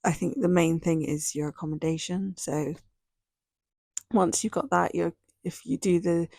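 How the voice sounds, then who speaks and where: A woman's voice: fairly low pitch, a little slow, vocal fry, darkish tone, dry recording, studio quality. A young woman vlogger giving a rambling, casual travel recap, laughing often between thoughts.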